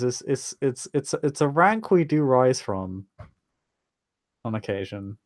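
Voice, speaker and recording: A man's voice: medium pitch, sing-song, takes it slowly, a little mellow, no room sound, clean studio sound. Stammering man running a tabletop game. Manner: stammering, playful, laughs often. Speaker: game master. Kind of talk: casual tabletop role-play.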